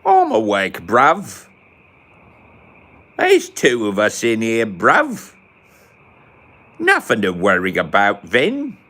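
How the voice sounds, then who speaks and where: A man's voice: on the low side, huge pitch swings, slow, pauses often, pushed and bright, voice pushed up, full character voice. A man with a mock London street accent, voicing a cocky young British bloke who talks in a clipped, brash way. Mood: reassuring.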